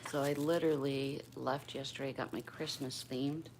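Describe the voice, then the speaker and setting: This older woman's bass voice shows little pitch movement and a slightly mellow quality as she speaks at normal speed. Hosting a casual livestream at home in Bristol, Pennsylvania, she keeps quiet and greets viewers by name over a light hiss or hum.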